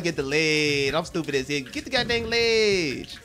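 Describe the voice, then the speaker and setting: A young man streaming a fighting game, talking to chat in an excitable, self-deprecating way. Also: on the high side, moderate pace, faint music behind. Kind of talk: casual gaming commentary.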